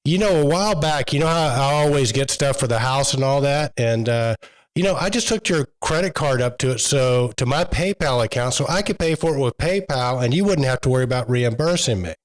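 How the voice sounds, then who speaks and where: A man putting on the voice of his exasperated pregnant young wife, in a defensive, high-pitched tone. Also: expressive, a little fast, natural voice, rough recording. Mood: matter-of-fact.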